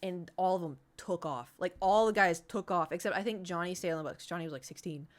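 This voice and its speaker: A woman's voice: lowish voice, fast talker. A woman streamer telling a story in casual, rambling chat, full of fillers and restarts. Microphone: streaming setup.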